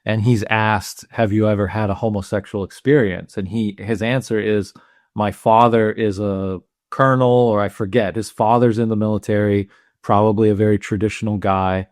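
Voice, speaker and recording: A man co-hosting a film podcast who builds his points slowly and asks questions. His voice sits on the low side. The recording is dry and close, with no echo. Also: fairly even intonation, darkish tone. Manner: thoughtful, halting, with restarts and questions. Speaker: podcast co-host. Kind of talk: casual film discussion.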